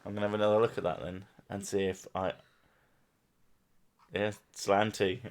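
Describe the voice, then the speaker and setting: A man's voice: lowish voice, flat delivery, moderate pace. A young man hosting a stream, chatting casually with a co-host in jokey, sweary banter and laughing often.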